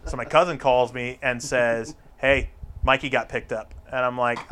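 A man spins a rambling anecdote in casual conversation, swearing freely and loosely. His voice sits at an ordinary middle pitch. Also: measured pace, clear, resonant tone. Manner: profane, rambling, animated storyteller. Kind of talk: casual storytelling chat.

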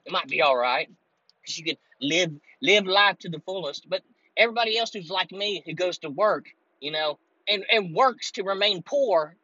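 A man rants into his podcast while driving, swearing constantly and rambling from one grievance to the next. His voice is bright and tense, and it swoops up and down with a lot of pitch movement. The sound is dry and a bit dull, like a cheap lo-fi recording from a car. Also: dry recording. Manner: profane, heated, rambling rant. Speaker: podcast host. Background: air conditioner running.

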